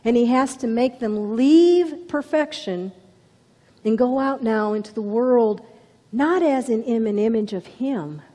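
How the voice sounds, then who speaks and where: A woman's voice: on the high side, a little slow, dark tone, big-room sound. A woman preaching a sermon with dramatic storytelling, dropping to whispers for emphasis. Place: church.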